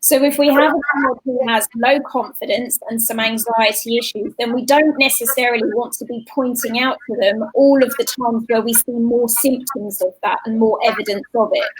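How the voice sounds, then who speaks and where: A woman's voice: on the high side, fairly even intonation, normal speed, few pauses, slightly rough, low-quality recording. A woman, a guest on a talk show, giving practical parenting advice in a casual explanatory way. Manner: warm practical advice, mimics sing-song voices. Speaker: guest, children's coach.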